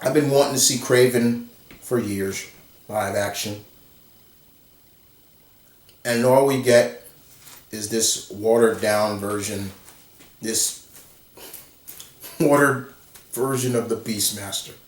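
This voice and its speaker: A man's voice: on the low side, takes it slowly, pauses often. A man ranting bluntly and profanely in an exasperated movie commentary vlog. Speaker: commentary vlogger. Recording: roomy echo, far from the mic.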